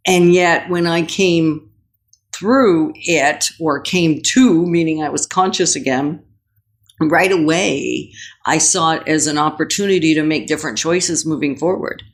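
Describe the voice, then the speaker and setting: A woman co-hosting a casual conversation, speaking in an earnest, encouraging and reflective way. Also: sits low. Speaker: podcast co-host.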